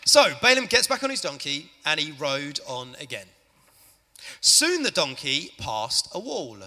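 A man narrates a Bible story to a church family audience, chatting with listeners as he goes. His voice is bright and animated, and a long church-hall reverb follows him. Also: fairly high pitch, a little slow. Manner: lively, chatty, addresses the audience.

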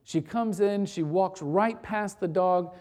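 A preacher delivering a sermon, building to intense repeated lines and dropping to quiet, with frequent restarts. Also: mid-range voice, slow. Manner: swings from rising intensity to quiet, repetitive cadences.

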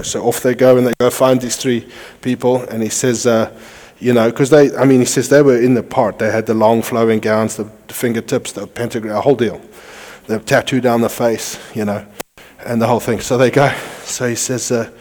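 A man pastor preaching a sermon, telling a story and acting out its dialogue in a lowered, hushed voice. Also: long reverb tail.

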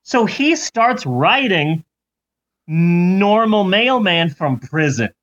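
A man's voice: high voice, sing-song, takes it slowly, fairly bright tone. A man hosting a podcast, telling a story in a playful, jokey way. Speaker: podcast host. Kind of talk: comedic storytelling. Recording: lo-fi recording.

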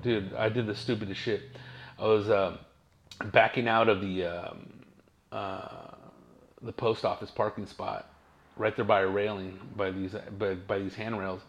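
A man's voice: on the low side, steady tone, a little slow, highs cut off. A man, hosting his own podcast and telling rambling, profane stories in casual slang. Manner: profane, slangy, laid-back storytelling. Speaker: podcast host.

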